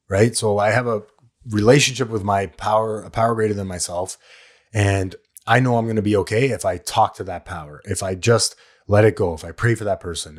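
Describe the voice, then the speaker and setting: A man hosting a recovery podcast. He talks candidly and plainly, swears now and then, and coaches his listeners, repeating the key lines. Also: lowish voice. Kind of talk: solo talk on addiction recovery.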